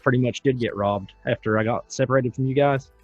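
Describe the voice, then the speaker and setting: A man hosting a podcast, telling a story in a loose and animated way. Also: medium pitch, a little fast, breathy edge, dry recording, soft background music. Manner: animated, tells stories in a loose, chatty way. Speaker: podcast host. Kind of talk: casual storytelling. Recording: dull, dry, lo-fi sound.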